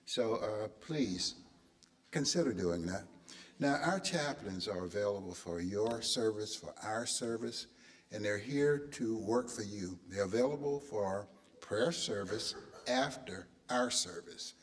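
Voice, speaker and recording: A man leading a church service, making announcements in a relaxed, chatty way with frequent fillers. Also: on the low side, a little slow. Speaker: service leader. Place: large church sanctuary. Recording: long church reverb.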